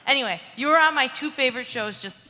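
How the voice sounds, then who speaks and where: A woman's voice: sits high, expressive, fast, sharp tone. A woman in the audience asking a question at a live show, rambling and gushing with many fillers. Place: theater audience mic. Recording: reverberant theater hall.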